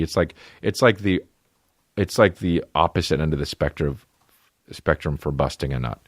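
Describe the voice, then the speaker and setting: A man hosting a podcast, telling a funny family story and acting out a scared child in a high voice. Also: lively intonation, moderate pace, dry recording, studio quality. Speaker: podcast host. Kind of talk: solo comedic storytelling.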